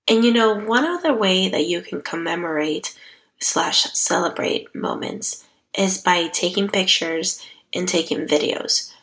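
A woman's voice: fairly low pitch, creaky, a bit bright, rough recording. A young woman hosting a solo self-growth podcast, talking in a chatty, heartfelt way that turns emotional. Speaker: podcast host. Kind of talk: casual solo podcast talk.

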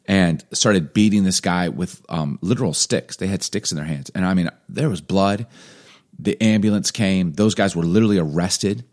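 A man from Chicago, a podcast co-host, telling a story in casual chat, animated and self-mocking, laughing often. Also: deep voice, normal speed.

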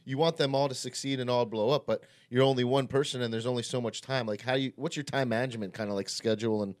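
A man hosting a casual interview, chatty and quick, repeating his phrases as he goes. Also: mid-range voice, steady tone. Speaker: interviewer host.

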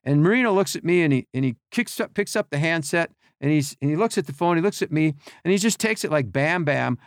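A middle-aged man, a podcast guest, telling animated behind-the-scenes stories and acting out quotes and sounds. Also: fairly high pitch, quick pace, no echo, studio quality. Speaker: podcast guest, team equipment worker. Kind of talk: casual storytelling.

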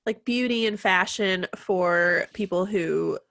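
A woman's voice: medium pitch, slow, creaky, a bit bright, no room sound. Chatty woman, allergy-stuffed. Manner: chatty, bubbly, says "like" often. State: congested from allergies. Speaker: podcast co-host. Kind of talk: casual podcast chat.

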